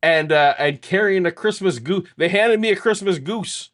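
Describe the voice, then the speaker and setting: A man's voice: high voice, moderate pace. A middle-aged man co-hosting a casual chat, telling a long self-deprecating story full of restarts. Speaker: podcast co-host.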